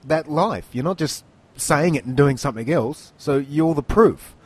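Male host, casual chat, fairly high voice, mock-outraged teasing. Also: moderate pace, slightly rough. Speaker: interview host.

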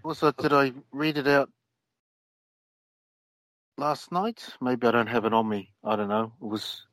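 A man's voice: mid-range voice, measured pace, a bit bright, no room sound, rough recording. Hesitant rambling man, dry close sound. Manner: hesitant, rambling, many fillers. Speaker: podcast co-host. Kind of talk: casual conspiracy talk show.

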